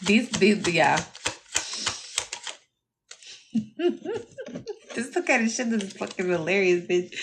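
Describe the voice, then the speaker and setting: A woman's voice: mid-range voice, moderate pace, a little hiss or hum. Brash, profane young woman reading tarot. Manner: brash, profane and teasing, laughing often. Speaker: tarot reader. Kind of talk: casual tarot reading to camera.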